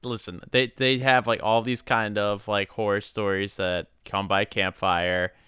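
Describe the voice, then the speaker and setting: A man's voice: lowish voice, little pitch movement, measured pace, bright, forceful tone, smooth, no room sound, studio quality. A man in casual comedic chat, rambling loosely and laughing often.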